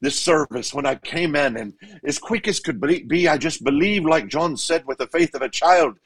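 A man puts on an elderly Irish priest, his brogue broad and warm. The voice climbs high above his usual register and exclaims with delight at being made new. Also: moderate pace, husky, no room sound. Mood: overjoyed.

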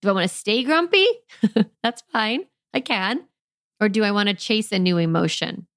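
A woman in her thirties hosts a casual solo parenting podcast with a relaxed, confiding warmth of manner. She keeps asking herself questions out loud and fills her talk with "like," and a touch of gravelly fry runs through her voice. The sound is dry and close, with no room behind her. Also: mid-range voice, normal speed, no echo. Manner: chatty, gentle, lots of "like" and self-questions. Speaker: podcast host and parenting coach.

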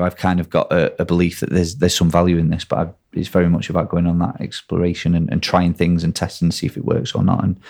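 A man's voice: low voice, gravelly, a little mellow. A man, a guest on a podcast, talking hesitantly with many fillers. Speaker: guest, design school founder. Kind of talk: casual interview.

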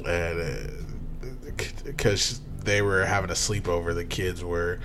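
A man's voice: low voice, steady tone, slow pace, a bit bright, soft background music. Enthusiastic young man chatting casually. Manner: enthusiastic, laughing, swearing. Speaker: podcast co-host. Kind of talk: casual chat.

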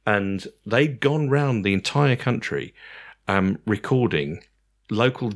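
A man with an English accent, a radio presenter telling stories in a rambling, casual way with many pauses and restarts. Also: on the low side. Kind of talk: casual podcast chat.

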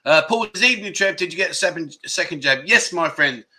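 A man, chatting loosely and jokily like a relaxed livestream host. His voice sits a little high for a man and has a sharp, very bright edge. He rambles from story to story with plenty of asides. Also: fairly quick. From United Kingdom. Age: 50s. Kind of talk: casual chat show, reading viewer comments.

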